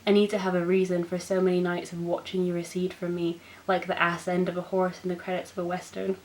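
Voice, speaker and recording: A young woman hosting a book channel, reading poems aloud in an expressive, self-mocking way. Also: lowish voice, fast, slight background noise, low-quality recording. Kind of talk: poetry reading.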